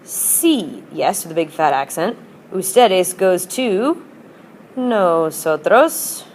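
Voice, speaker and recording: A woman's voice: fairly low pitch, expressive, slow, a little hiss or hum. A woman teaching a language class, drilling with patient repetition and switching between English and Spanish. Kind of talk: classroom lesson.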